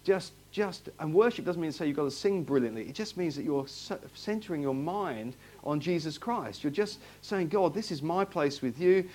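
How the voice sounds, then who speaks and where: A man preaches to his congregation in a loose, conversational way. He asks the room question after question and restarts his phrases as he goes. His voice sits a little on the high side. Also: expressive, normal speed, few pauses, a little mellow. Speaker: pastor. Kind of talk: sermon. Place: church hall, in front of a congregation.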